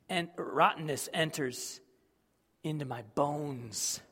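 Slow-spoken preacher in a reverberant hall. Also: male voice, a little high. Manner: dramatic, swings from hushed to loud. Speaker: pastor. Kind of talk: sermon. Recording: long reverb of a large hall.

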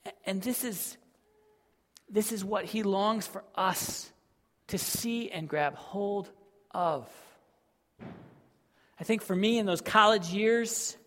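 A male pastor preaching a sermon, emotive, swinging between loud emphasis and quiet, with sighs. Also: sits high, slow pace, pauses often, long reverb tail.

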